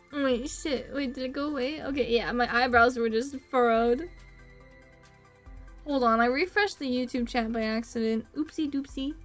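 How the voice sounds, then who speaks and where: A woman's voice: high-pitched, a little slow, long pauses, soft background music. A young woman from the United States, chatting casually on a stream. She rambles, giggles, swears casually and pokes fun at herself. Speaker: VTuber streamer.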